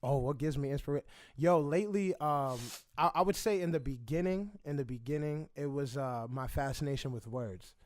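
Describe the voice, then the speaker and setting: A man's voice: a little high, moderate pace, few pauses, a little mellow, no room sound. A man, a rapper chatting playfully and rambling in a casual interview. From the Bronx, New York. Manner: playful, rambling, lots of "you know what I'm saying". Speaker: rapper guest.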